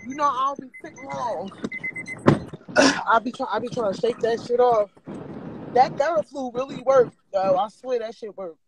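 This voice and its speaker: A woman chatting casually on a livestream, loose and profane, a little sick and clearing her throat now and then. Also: a little high, normal speed, very noisy. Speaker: vlogger.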